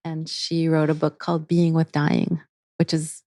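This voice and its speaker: Female interview guest, warm and earnest, dry close sound. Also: deep voice, monotone, a little slow, no room sound. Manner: earnest, with frequent restarts. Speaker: guest, integrative therapy teacher. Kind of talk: casual interview talk.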